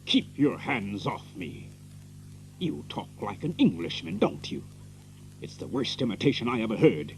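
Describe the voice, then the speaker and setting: A gravelly, indignant town doctor. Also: male voice, medium pitch, sing-song, unhurried, a little hiss or hum, rough recording. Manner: stern, accusing, forceful. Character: blunt, indignant small-town male doctor. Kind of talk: radio play acting.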